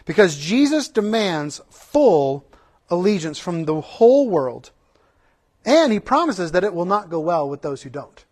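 A pastor preaching a sermon, mixing fervent rhetorical questions with earnest, conversational asides and restarts. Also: male voice, high voice, sing-song, measured pace, darkish tone.

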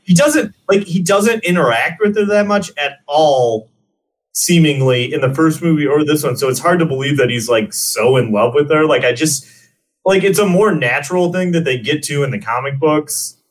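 Guy on a movie podcast, kinda high voice, rambles with lots of likes and ums. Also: normal speed. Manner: rambling, lots of fillers and laughs. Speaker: podcast co-host. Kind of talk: casual movie discussion.

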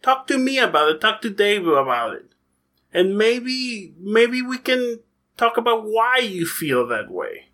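A man's voice: high-pitched, very animated, a little slow, voice pushed up, heavily acted. A man doing a Scottish-accented duck counselor. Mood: coaxing. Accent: put-on Scottish. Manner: soft-spoken, coaxing, fatherly. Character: human-sized male duck school counselor, gentle. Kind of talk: tabletop role-play character voice.

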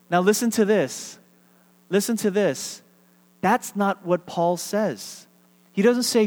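A man's voice: high voice, slow, darkish tone. A man preaching a sermon as pastor, speaking conversationally and leading his congregation in call-and-response. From Texas. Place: church sanctuary. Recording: reverberant hall.

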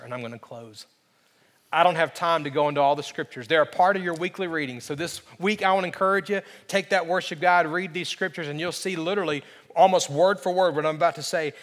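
Male pastor, high voice, emphatic sermon delivery with repeated refrains, long church-hall reverb. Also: fairly bright tone. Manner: earnest, emphatic, repeats key phrases.

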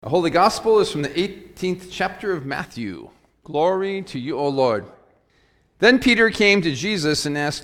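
A male pastor speaking in a church sanctuary. His delivery is measured and earnest, and he slows into thoughtful pauses as he reads scripture and reflects aloud. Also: fairly high pitch, big pitch swings, fairly bright tone. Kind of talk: liturgy and sermon.

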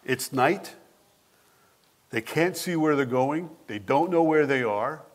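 A man preaching a sermon as pastor, with an expressive, animated delivery who asks his listeners questions directly. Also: fairly high pitch, takes it slowly.

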